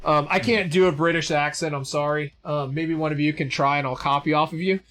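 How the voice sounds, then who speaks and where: High-voiced rambling male game master. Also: steady tone, a little fast, fairly bright tone, soft background music. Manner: rambling, filler-heavy, self-deprecating. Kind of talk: narrating a tabletop game.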